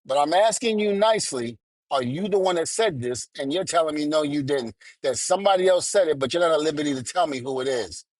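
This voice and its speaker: A man's voice: fairly high pitch, expressive, quick pace, dry recording. Angry man ranting in a story. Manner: angry, blunt, curses, quotes people. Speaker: podcast co-host. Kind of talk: heated storytelling rant.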